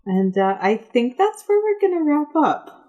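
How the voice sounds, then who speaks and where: A woman runs a tabletop game with a lively, swooping voice. She talks in an unhurried way, laughing often and stopping on fillers between thoughts. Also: high-pitched, highs cut off. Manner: giggly, halting with fillers. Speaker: game master.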